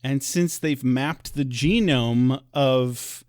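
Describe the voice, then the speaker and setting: A man's voice: medium pitch, extremely slow, darkish tone, dry recording. Dry, sarcastic man on a podcast. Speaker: podcast co-host. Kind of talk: casual podcast review chat.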